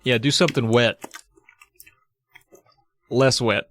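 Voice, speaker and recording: A man's voice: medium pitch, steady tone, slow pace, fairly bright tone, slight background noise. A man co-hosting a comedic podcast, retelling a story in an irreverent, profane, laughing way. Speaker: podcast co-host. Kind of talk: casual comedic book recap.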